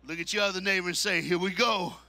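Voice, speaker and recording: A man preaching a sermon at a men's conference, shouting call-and-response lines and dropping into low, quick asides. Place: church hall at a men's conference.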